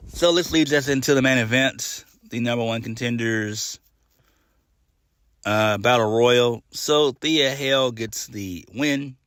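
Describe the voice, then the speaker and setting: A man's voice: medium pitch, a bit bright, no echo, clean studio sound. A man giving a casual solo review of a wrestling show, blunt and exasperated, swearing freely and trailing off into fillers.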